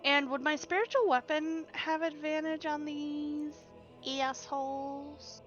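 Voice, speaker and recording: A woman's voice: high-pitched, fairly even intonation, takes it slowly, a bit bright, faint music behind. A woman playing in a tabletop game, talking casually and bluntly and swearing freely, over a dull lo-fi voice chat. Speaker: player.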